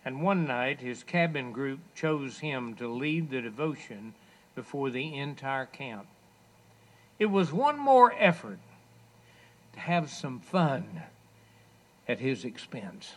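Male pastor giving a sermon, unhurried, emphatic rises and quiet falls. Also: medium pitch. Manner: emphatic, with sudden loud raised passages and soft drops. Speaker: preacher.

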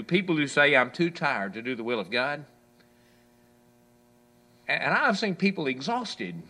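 A man preaching a sermon, quoting scripture and acting out people's complaints, swinging between loud proclamations and hushed asides. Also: high voice. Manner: preaching, quotes scripture, voices the complaints of listeners.

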